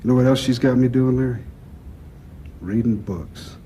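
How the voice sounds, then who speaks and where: An actor playing a gruff older male crime boss who talks bluntly, with profanity and dry teasing. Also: mid-range voice, normal speed, dark tone, a little hiss or hum, lightly acted. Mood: bantering. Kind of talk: film drama acting.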